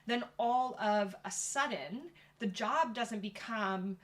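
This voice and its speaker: A woman youth pastor talking as an interview guest. She is thoughtful and measured and reflects as she speaks. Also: on the high side. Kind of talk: casual interview conversation.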